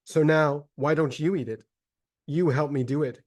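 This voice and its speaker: A man's voice: a little high, fairly even intonation, normal speed, a little mellow, close to an everyday voice. A man reading as a starving, grief-mad mother. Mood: bitter accusing. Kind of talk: dramatic reading of a religious text.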